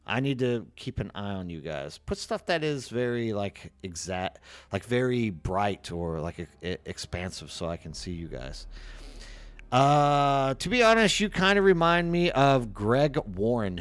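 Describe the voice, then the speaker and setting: A man with an East Texas accent rambles through a casual live stream. He reads the chat aloud, trails off and restarts. His voice sits at a middling pitch and is recorded close and dry on a streaming mic. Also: no room sound.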